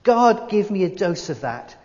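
Brief: confident male movie star, voiced by a man in a sermon, higher voice, dull echoey church sound. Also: sing-song, unhurried, darkish tone. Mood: earnest. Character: self-assured big-time male movie star.

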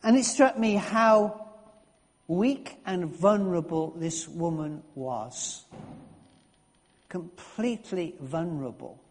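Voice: medium pitch, expressive, slow pace, in a large hall. A preacher giving a conversational sermon, often restarting and repeating words.

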